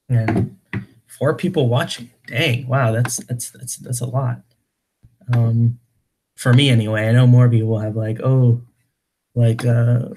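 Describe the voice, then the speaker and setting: Streamer man, middle-pitched voice, casual chat, reads aloud and corrects himself often. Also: darkish tone, slight background noise. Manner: stumbling, self-correcting reading. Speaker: livestream host. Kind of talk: casual livestream chat and poem reading.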